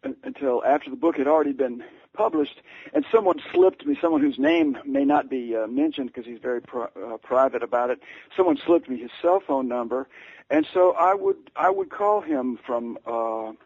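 A man's voice: mid-range voice, big pitch swings, normal speed, breathy edge, dry recording, narrow, tinny audio. A male author and writing teacher, interviewed and telling a story at length, hesitant, with many fillers and restarts.

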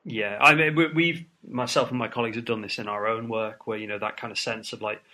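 A man's voice: lowish voice, fairly even intonation, a little fast, pushed and bright. A man interviewing a guest, thoughtful and hedging with fillers. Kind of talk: conversational interview.

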